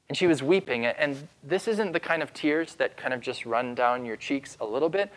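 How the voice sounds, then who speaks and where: A man preaching as pastor, retelling a story with dramatic pauses and slowing down for emphasis. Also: mid-range voice. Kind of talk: sermon.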